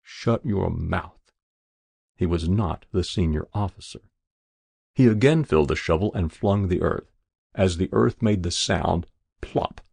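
A man narrates a story in a low, gravelly voice with a husky edge. His delivery is measured and dramatic. The recording is close and dry, with no room sound. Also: darkish tone, dry recording.

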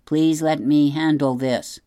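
Lady voicing a calm polite robot lady from a storybook, formal and measured. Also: low-pitched. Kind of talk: read-aloud storybook.

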